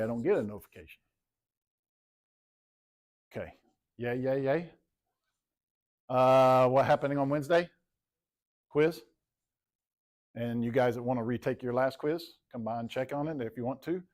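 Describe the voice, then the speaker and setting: A man teaches math in a classroom. He talks casually, cracks jokes, and repeats short phrases as he works through problems at a middle pitch. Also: moderate pace, pauses often.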